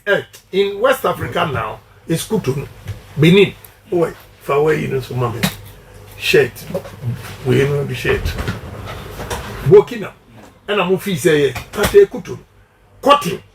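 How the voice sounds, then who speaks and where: Middle-aged Ghanaian man, politician on radio, high-pitched and emphatic, hammers slogans like a preacher. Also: a little hiss or hum. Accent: Ghanaian English. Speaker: politician giving a radio interview. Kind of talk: campaign interview.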